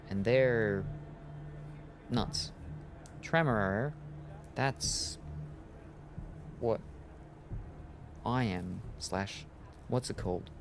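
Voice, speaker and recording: Rambling gravelly-voiced male streamer. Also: on the low side. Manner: rambling, self-mocking, trips over words. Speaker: streamer playing a story game. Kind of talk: casual gaming commentary.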